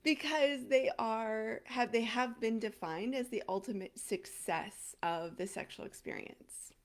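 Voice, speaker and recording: A woman in her thirties speaks casually to camera as an intimacy coach. She thinks out loud, restarts her sentences and pauses to question how to say a word. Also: fairly high pitch. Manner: thinks aloud, restarts and checks her own pronunciation.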